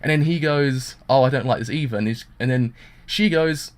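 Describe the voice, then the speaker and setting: A man's voice: medium pitch, normal speed. A man giving a casual, rambling anime review with constant fillers, acting out the characters' lines as he retells them. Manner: rambling, full of fillers, acts out quotes.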